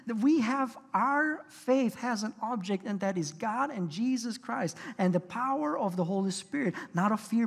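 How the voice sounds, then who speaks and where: A man's voice: high-pitched, in a large hall. A pastor delivering a sermon in an earnest, conversational way, often restarting his sentences. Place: church sanctuary.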